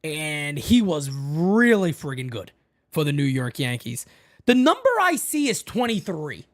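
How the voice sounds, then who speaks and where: A woman with a low, unhurried voice chats through a casual sports live stream from home as host of a fan channel. Excitable and gabby, she keeps calling the people watching "man" and "folks."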